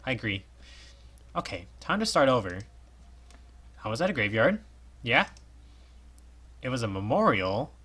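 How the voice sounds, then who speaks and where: A man playing a visual novel, reading it aloud with jokey commentary in a hoarse voice. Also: medium pitch, measured pace, pauses often. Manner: animated, jokey, often laughing at himself. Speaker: let's play host.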